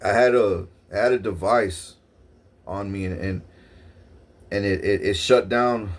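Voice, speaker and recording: A man's voice: fairly low pitch, unhurried. A man vlogging a long rambling story in the first person, swearing often and restarting his sentences. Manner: profane, repetitive restarts, excitable.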